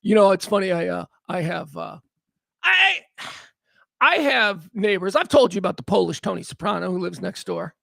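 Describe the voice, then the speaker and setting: Host, high gravelly voice, rambling wry livestream chatter. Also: male voice, normal speed, no room sound. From south side of Chicago. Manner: rambling, wry, animated asides. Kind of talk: casual livestream chat.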